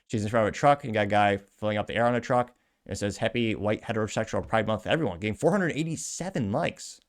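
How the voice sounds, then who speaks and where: A man with a fairly low voice hosts a podcast and reads social media posts aloud. He keeps breaking off into sarcastic, rambling asides. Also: lively intonation, quick pace. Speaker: podcast host. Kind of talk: casual commentary reading social media posts.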